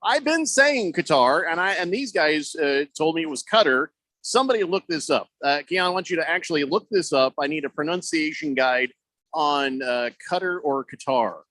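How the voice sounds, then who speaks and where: Sports radio host, man, lively rambling delivery, slightly high voice, dry studio sound. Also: moderate pace, no room sound. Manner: rambling, joking, reads listener texts aloud. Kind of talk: casual call-in talk radio. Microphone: studio microphone.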